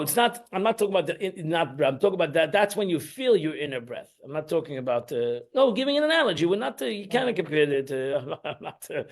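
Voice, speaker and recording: A man, teaching an informal Torah class in a rambling, emphatic way, restarting and repeating himself. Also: on the high side.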